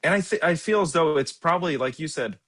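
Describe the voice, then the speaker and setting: A young man co-hosting a movie podcast, chatting in a relaxed, agreeable way with casual swearing. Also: fairly high pitch, fast. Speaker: podcast co-host. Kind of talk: casual chat.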